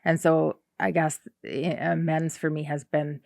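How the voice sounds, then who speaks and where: A podcast co-host who shares thoughts on recovery in a reflective, halting way, often restarting sentences. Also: mid-range voice, flat delivery, vocal fry, a little mellow, dry recording, clean studio sound. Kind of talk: casual recovery podcast chat.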